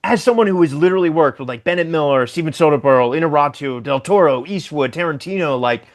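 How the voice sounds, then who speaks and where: A man hosting an interview podcast, with a voice pitched a little high. He talks in a casual, effusive way, heaping praise on his guest. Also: lively intonation, fast talker. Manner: effusive, enthusiastic. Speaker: podcast host.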